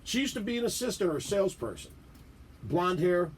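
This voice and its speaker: A man's voice: sits high, fairly quick, breathy edge. A middle-aged man from the Washington DC area, telling stories as a guest in a casual radio interview, laughing and acting out quotes. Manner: animated, laughing storyteller who acts out quotes. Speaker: podcast guest. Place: radio studio.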